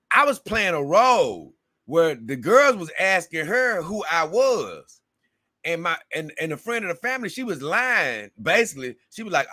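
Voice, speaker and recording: This man's voice sits a little high and has a sharp edge, captured in clean studio sound with no room echo. He hosts a laid-back livestream, chatting loosely in slang as he reads out comments from viewers.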